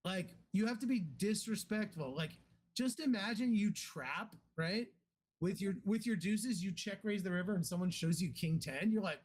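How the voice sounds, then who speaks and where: A man with a high voice teaches poker in loose, casual talk. He is blunt and swears freely, and he gets animated as he makes his points. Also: normal speed. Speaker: poker coach.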